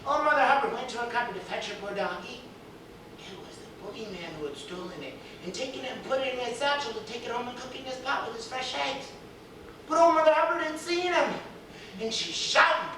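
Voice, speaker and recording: A woman's voice: a little high, lively intonation, brisk. A woman telling a story playfully, often laughing, recorded far off in a noisy echoey room.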